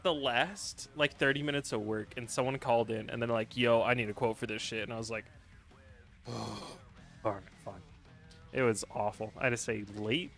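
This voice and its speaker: A man chats loosely on a livestream, rambling and joking with plenty of laughs and fillers, his pitch swinging widely. His voice has a bright, forward edge, and soft music runs quietly under him. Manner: reads and answers viewer chat. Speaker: streamer. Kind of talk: casual livestream chat.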